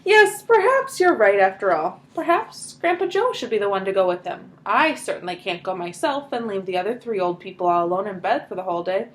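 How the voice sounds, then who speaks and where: A woman voicing a brisk, caring storybook mother. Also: mid-range voice, animated, lightly acted. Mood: warm. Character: practical, caring mother of a poor family.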